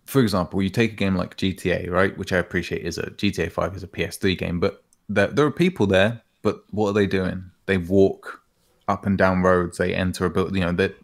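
A man co-hosting a gaming podcast, talking in a relaxed, rambling way and calling his friend "man" and "bro". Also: deep voice, a little fast. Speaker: podcast co-host. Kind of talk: casual gaming chat.

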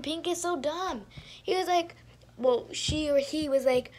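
A woman's voice: sits high, a little slow, darkish tone. A young woman casually commentating her own gameplay, sounding exasperated, talking to herself and often trailing off into mumbles. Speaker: gaming streamer.

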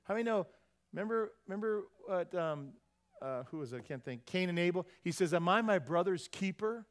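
Male pastor, American accent, high-pitched, chatty sermon delivery with frequent questions to the crowd. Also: brisk. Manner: animated, conversational preaching with rhetorical questions.

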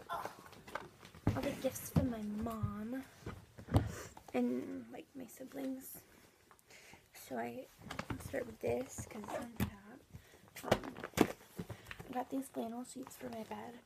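Young woman, gravelly fry, fairly high voice, rambling casual vlog talk, steady noise behind. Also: slow pace, long pauses. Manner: chatty, rambling with many fillers. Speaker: vlogger.

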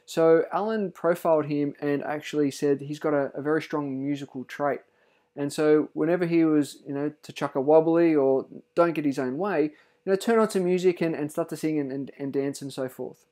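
Earnest father, slightly high voice. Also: normal speed, mellow. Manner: earnest and heartfelt, with frequent restarts. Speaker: parent giving a testimonial. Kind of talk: casual testimonial to camera.

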